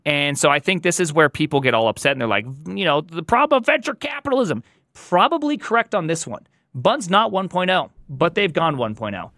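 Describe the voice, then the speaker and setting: A man talking as a podcast guest in casual tech chat, animated and opinionated, with emphatic delivery. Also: fairly high pitch, brisk, dry recording, clean studio sound.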